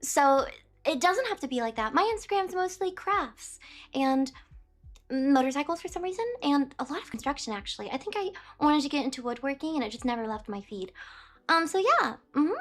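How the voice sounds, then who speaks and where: High-voiced chatty woman streamer. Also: animated, brisk, a bit bright. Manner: rambling, chatty, bleeps out words aloud. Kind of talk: casual live-stream chat.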